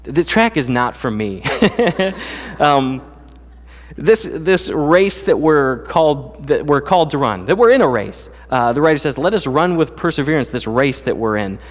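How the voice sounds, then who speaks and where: Long reverb trails the fairly high, lively voice of a pastor speaking at a moderate pace. In the church sanctuary he delivers an easygoing, conversational sermon full of jokey stories from his life.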